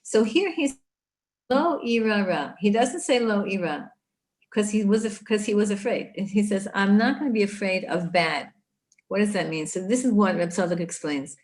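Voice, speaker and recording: Woman Torah teacher, middle-aged, animated, talks right to her listeners, mid pitch. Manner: animated, speaks to listeners directly. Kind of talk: live online Torah class.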